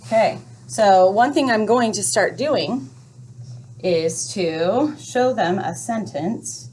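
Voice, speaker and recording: A woman explaining a first grade reading lesson to parents, speaking clearly and patiently, step by step. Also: mid-range voice, lively intonation, slow pace, darkish tone, a little hiss or hum.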